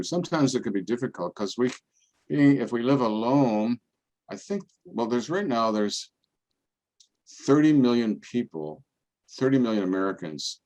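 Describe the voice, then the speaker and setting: An older man, a priest, giving a relaxed, conversational talk full of homely anecdotes and playful voices for the people in them. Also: on the low side. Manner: folksy storytelling, acts out other people's voices. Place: parish event, indoors.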